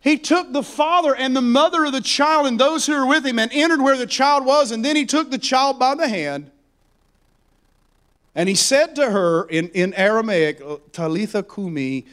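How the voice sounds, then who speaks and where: A male preacher with a notably high voice delivers a dramatic sermon. He drops into hushed, almost whispered asides, then builds to loud and fervent exhortation. His delivery is emphatic and full of swings in intensity.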